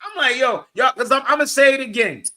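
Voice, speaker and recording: Brash American panelist, high bright voice, mocking and profane. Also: male voice, fairly quick. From United States. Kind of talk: casual chat.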